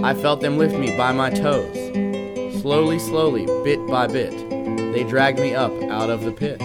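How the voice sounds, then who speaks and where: A young man reading a rhyming children's picture book aloud at a steady, rhythmic pace. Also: mid-range voice. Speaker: guest reader, band musician.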